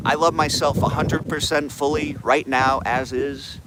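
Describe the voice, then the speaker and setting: A man's voice: on the high side, steady tone, a little slow, heavy background noise. A man hosting a live morning affirmation stream, talking in laid-back slang and greeting chat viewers by name. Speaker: livestream host.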